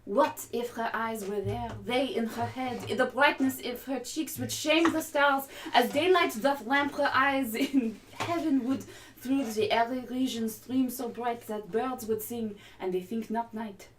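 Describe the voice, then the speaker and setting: A woman's voice: a little high, a little slow, slight background noise, lightly acted. A woman playing young male lover Romeo in a put-on French accent, reciting verse theatrically. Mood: yearning. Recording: voice far from the mic.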